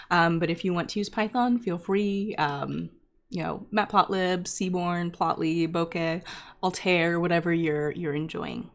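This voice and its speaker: Chatty woman teaching a livestream, slightly low voice. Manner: chatty, loose, many ums and restarts; talks straight to viewers in chat. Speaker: instructor hosting a data science livestream.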